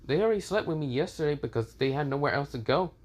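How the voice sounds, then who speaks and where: A man's voice: fairly high pitch, lively intonation, fast talker, a little mellow, voice pushed up. A man voicing a cocky teenage boy hero in a fan story, crude, mocking and flippant.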